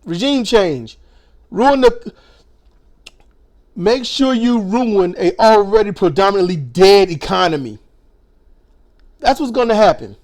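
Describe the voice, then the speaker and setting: A man in his forties ranting a profane, sarcastic political monologue, his voice strained and hoarse, mocking others in put-on voices. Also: high-pitched, expressive, takes it slowly, long pauses, darkish tone. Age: 40s. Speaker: political commentary vlogger.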